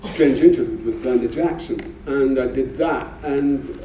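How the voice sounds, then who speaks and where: A man's voice: medium pitch, measured pace, warm tone, slight background noise. Older Scottish man telling stage anecdotes. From Scotland. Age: 70s. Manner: rambling, anecdotal storyteller. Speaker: guest actor. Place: theatre stage before an audience. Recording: roomy, distant live theatre recording.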